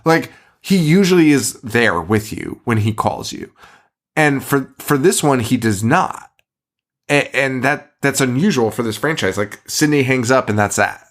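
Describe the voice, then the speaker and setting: A man co-hosting a casual movie podcast, animated and laughing often, hiccuping and burping as he talks into a mic. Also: mid-range voice, a little slow. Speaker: podcast co-host. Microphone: studio mic.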